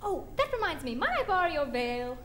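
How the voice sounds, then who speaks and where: A woman's voice: high voice, sing-song, fairly quick, fairly bright tone, slight background noise. A woman playing a tipsy, worldly chaperone in a stage musical, with a languid, dry drawl. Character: tipsy worldly female chaperone, drowsy and droll. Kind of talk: musical theater acting.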